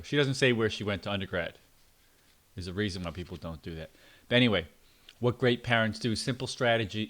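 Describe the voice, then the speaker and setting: A man's voice: lowish voice, a bit bright. A middle-aged man giving a casual, blunt and opinionated spoken book review, with fillers and asides. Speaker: book reviewer and parenting channel host.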